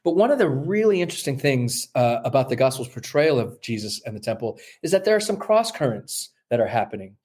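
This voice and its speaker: A New Testament scholar appears as an interview guest, explaining his research thoughtfully but haltingly, with many fillers and restarts and occasional acted-out quoted voices. His mid-range voice is sing-song, a little mellow, and husky.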